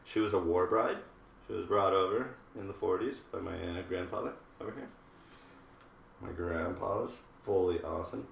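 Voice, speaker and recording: A man's voice: low voice, normal speed, gravelly, slight background noise. A man in his thirties, a hairdresser hosting a live haircutting show, chatting casually and rambling with jokey asides while he works. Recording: roomy, distant live-stream audio.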